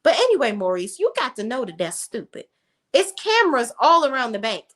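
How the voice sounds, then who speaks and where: Black-and-white blunt lady recapping a tv show, cusses, lively swoopy voice. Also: on the high side, a little fast. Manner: blunt, profane, opinionated; acts out characters' lines. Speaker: reality TV recap host. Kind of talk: casual TV recap vlog.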